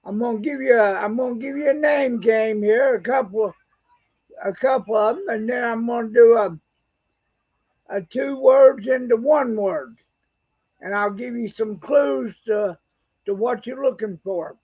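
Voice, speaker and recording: A man's voice: extremely high pitch, unhurried, a little mellow, breathy edge, low-quality recording. A man co-hosting a live stream, chatting in a folksy, rambling way and restarting his sentences. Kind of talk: casual live-stream chat.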